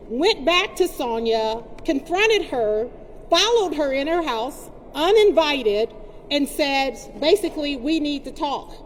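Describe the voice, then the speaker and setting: A woman's voice: high-pitched, in a large hall, slight background noise. A woman giving an impassioned protest speech, telling a story to a crowd. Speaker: rally speaker.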